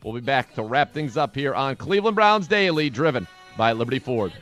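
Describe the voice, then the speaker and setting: A man hosting a sports talk radio show, recapping plays and news in a brisk, informative way. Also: mid-range voice, sing-song, fairly bright tone, faint music behind.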